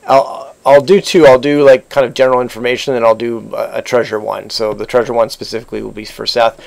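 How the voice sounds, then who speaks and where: Gravelly-voiced male game master. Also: mid-range voice, level tone, fast. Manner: rambling, with many fillers and restarts. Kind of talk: running a tabletop game online.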